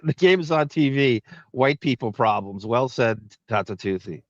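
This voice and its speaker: A man hosting a podcast in casual chat, sardonic and quick with asides. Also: medium pitch, expressive, dry recording. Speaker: podcast host. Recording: dull dry lo-fi sound.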